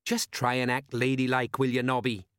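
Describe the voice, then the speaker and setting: A man voicing a gruff, blustering middle-aged male city-watch sergeant in a storybook reading. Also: medium pitch, monotone, moderate pace, a bit bright, no room sound, studio quality, natural voice. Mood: grumbling.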